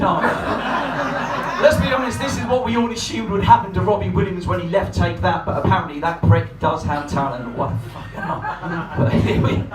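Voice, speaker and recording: A man from Portsmouth, doing a brash, sweary, self-mocking stand-up set at a live comedy night. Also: high-pitched. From Portsmouth, England. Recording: echoey live room, distant mic, noisy crowd.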